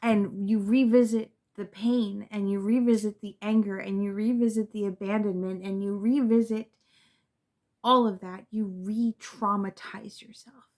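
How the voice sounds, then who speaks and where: A woman giving a spiritual tarot reading to her viewers, reflective and earnest, often repeating words and trailing off softly. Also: mid-range voice, fairly even intonation, a little slow. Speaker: tarot reader.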